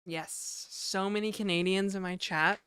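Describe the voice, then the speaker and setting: A woman's voice: mid-range voice, fairly even intonation, a little slow, a bit bright, smooth, no room sound. A woman livestreaming from home, casually chatting and reading her chat aloud with easy laughs. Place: home in Toronto.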